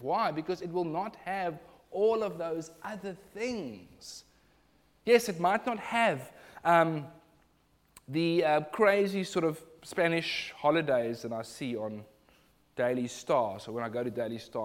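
A man preaching a sermon, emphatic and building in intensity. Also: mid-range voice.

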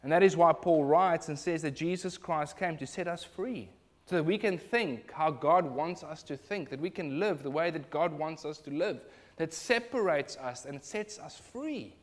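A man's voice: fairly high pitch, moderate pace. A man preaching a sermon, emphatic and building in intensity.

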